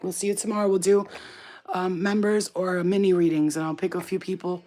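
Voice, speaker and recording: A woman with a fairly low voice chats casually on a live stream. She is warm toward her viewers and slips into high cooing baby talk for her pet. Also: flat delivery, fairly quick. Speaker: spiritual reader, channel host.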